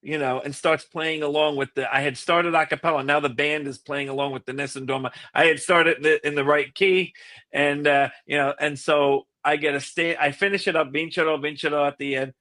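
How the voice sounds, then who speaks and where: A male tenor singer on a podcast, spinning an animated anecdote and acting out what others said. His speaking voice sits a little high with a bright, forceful edge. The sound is dry and close, with no room echo. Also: brisk. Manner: animated storyteller who acts out quotes. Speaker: guest, classical tenor singer.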